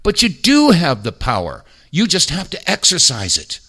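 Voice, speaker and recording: A man's voice: a little high, huge pitch swings, moderate pace, pushed and bright, breathy edge. A man from the United States hosting a podcast, ranting in exasperated casual commentary with mocking impressions. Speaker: podcast host.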